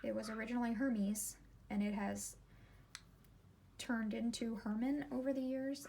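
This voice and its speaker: Chatty woman with a gravelly voice. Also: mid-range voice, mellow, a little hiss or hum. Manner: chatty, meandering, self-interrupting. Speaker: ink collection vlogger. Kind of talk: casual rambling vlog while swatching. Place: home desk.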